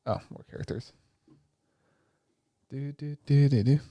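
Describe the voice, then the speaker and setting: A man co-hosting a podcast, chatting casually and excitedly with plenty of swearing as he retells scenes. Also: mid-range voice, a little slow, no echo. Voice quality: excitable, profane, retells scenes in quoted voices. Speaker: podcast co-host. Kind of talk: casual chat recapping an anime.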